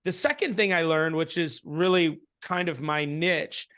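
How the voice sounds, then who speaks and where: An animated man, a guest in an interview, tells a story casually in conversation. His voice is a little high and a little slow, and he restarts a lot while acting out quotes.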